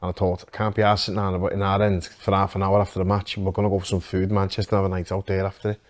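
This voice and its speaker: A man, co-hosting a casual podcast and telling animated, sweary anecdotes. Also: deep voice, racing. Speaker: podcast co-host. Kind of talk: casual storytelling chat.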